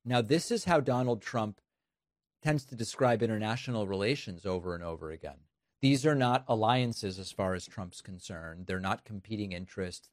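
A man's voice: on the low side, dry recording, clean studio sound. A man giving sarcastic political commentary on news clips, mocking what he plays.

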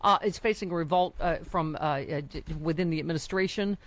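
A podcast host leads a casual chat, animated and laughing often. The host jumps from thought to thought in a voice of middling pitch. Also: fairly quick.

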